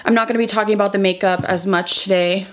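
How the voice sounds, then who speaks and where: A young woman beauty vlogger talking through a chatty get-ready-with-me, emotional and halting, close to tears. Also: medium pitch, fairly even intonation. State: close to crying.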